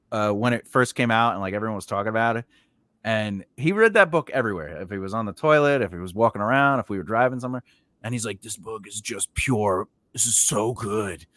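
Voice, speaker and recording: A man's voice: medium pitch, sharp tone, no echo, clean studio sound. A man hosting a casual chat over a video call, telling rambling stories full of fillers and restarts. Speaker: podcast host.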